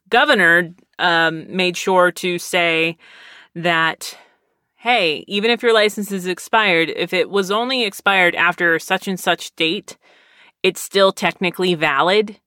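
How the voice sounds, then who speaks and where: Young woman, lower pitch, bright tone, dry close mic, rambling animated storyteller who laughs a lot. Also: takes it slowly, pauses often, smooth, dry recording. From Texas. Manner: rambling, animated, laughs often, squeals when excited. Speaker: podcaster. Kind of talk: casual storytelling.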